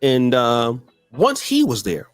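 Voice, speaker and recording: A man's voice: mid-range voice, wildly swooping pitch, slow pace, no room sound, soft background music. A man giving emphatic commentary, repeating phrases for effect. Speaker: guest commentator. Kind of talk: animated commentary.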